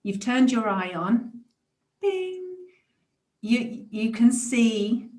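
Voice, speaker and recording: A woman's voice: fairly high pitch, takes it slowly, a little mellow. Gushing English woman host in an echoey room. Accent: English, Brighton. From England. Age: 40s. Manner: gushing, affectionate, spiritual. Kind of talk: casual interview chat.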